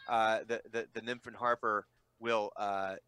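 A man narrating a tabletop game as game master, halting and restarting often as he describes the scene. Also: on the low side, flat delivery, pushed and bright, smooth, no echo. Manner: halting, full of restarts and fillers.

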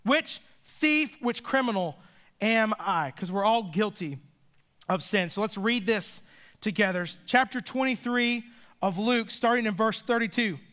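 A man preaching a sermon as pastor, earnest and emphatic, with dramatic pauses. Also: sits high, lively intonation, sharp tone.

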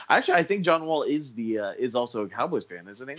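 A man's voice: medium pitch, lively intonation, fast, lo-fi sound, background noise. A man co-hosting a casual sports podcast, laid-back, chuckling and chiming in. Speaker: podcast co-host.

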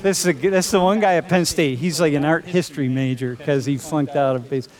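A male instructor jokes with his students, throwing around "dude" and "bro" in a loose, playful classroom manner. His voice sits a little high for a man. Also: fast talker, darkish tone. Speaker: college instructor. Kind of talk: casual classroom banter. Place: lecture classroom.

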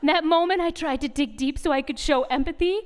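High-voiced woman telling a lively sermon story. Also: a little fast. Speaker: retreat speaker.

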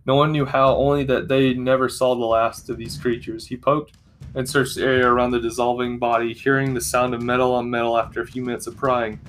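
A man narrating a fantasy story at a steady, measured storytelling pace. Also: medium pitch, soft background music.

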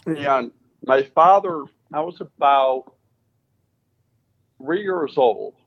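He talks extremely slowly at a medium pitch, and the highs are missing from the sound. A racing driver from Connecticut, appearing as a guest in a casual interview, he tells his tale with animation and plays out the quoted dialogue.

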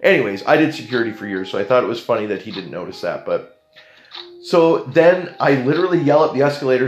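A young Canadian man telling a story in a casual, animated way, jumping into the voices of the people in it. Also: mid-range voice, fast, echoey room, soft background music.

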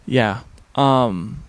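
Recorded without any room sound, a man with a mid-range voice speaks to camera at home beside his backyard. His casual vlog is earnest, relaxed, and spiritual, drifting along with plenty of fillers.

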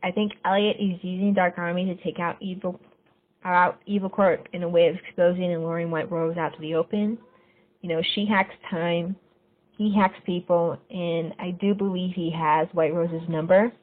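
A woman hosting a podcast, casually recapping a TV episode scene by scene and getting lively when she quotes the characters. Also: lowish voice, normal speed. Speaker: podcast host. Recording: phone-like narrow sound.

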